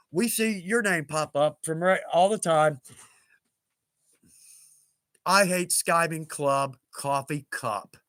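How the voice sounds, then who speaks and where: A man's voice: high voice, bright, forceful tone, no room sound. Chatty folksy man. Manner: chatty, folksy, laughs often. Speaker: livestream host. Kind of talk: casual livestream chat.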